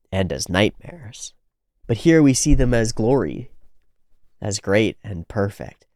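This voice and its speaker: A man's voice: fairly low pitch, darkish tone, dry recording, studio quality. A man hosting a reaction video, talking casually and animatedly, swearing freely with frequent restarts. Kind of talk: casual commentary on an anime episode.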